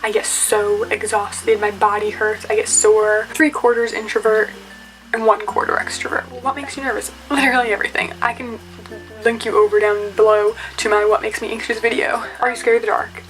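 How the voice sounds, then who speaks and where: A woman's voice: a little high, little pitch movement, a bit bright, faint music behind, poor audio. A young woman chatting on camera in her bedroom, answering get-to-know-me questions in a chatty, giggly way full of "like". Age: young adult. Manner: chatty, quick and giggly, with frequent "like". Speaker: YouTuber. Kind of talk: casual Q&A vlog.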